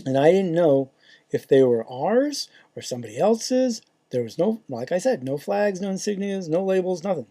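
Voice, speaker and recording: A faith vlogger tells a dream in a loose, rambling way, stopping and restarting often with fillers. The voice is very dark and mellow, with a husky, breathy edge. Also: medium pitch, sing-song, moderate pace. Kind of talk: casual dream retelling.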